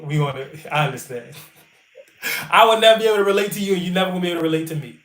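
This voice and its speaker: Talking fast in an echoey room, this man has a high-sitting, slightly bright voice. He's a boxer running a casual livestream, full of blunt, boastful, profane trash talk.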